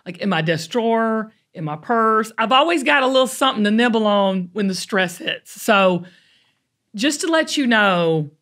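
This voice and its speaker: A middle-aged Southern-accented woman hosts a casual talk show, speaking in an animated mid-range voice with a fairly bright tone. She tells folksy stories chattily, drawing out words for emphasis.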